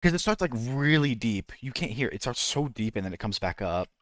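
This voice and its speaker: This is casual gaming stream chat from a man whose mid-range, sing-song voice moves fairly quickly and sounds a bit bright. The recording is dry with clean studio sound, and he rambles, cuts himself off, and breaks away to try voice impressions.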